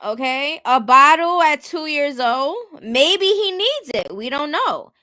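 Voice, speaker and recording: High, bright-voiced woman giving blunt commentary. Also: very animated, takes it slowly, dry recording. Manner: blunt, rhetorical, keeps asking viewers "you get what I'm saying". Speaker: commentary host. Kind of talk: casual commentary.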